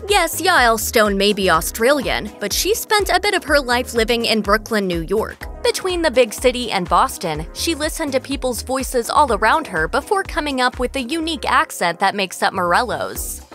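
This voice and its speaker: A woman narrating a scripted entertainment video in a brisk, polished voice-over. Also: a little high, very animated, fairly bright tone, soft background music. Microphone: close studio voice-over mic.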